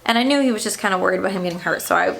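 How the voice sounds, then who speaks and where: Uma mãe jovem que narra num vlog casual uma ida difícil ao dentista, em tom indignado e aflito, com muitas hesitações. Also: female voice, medium pitch, very fast, creaky, a bit bright. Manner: upset, indignant retelling with fillers. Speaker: stay-at-home mom vlogger.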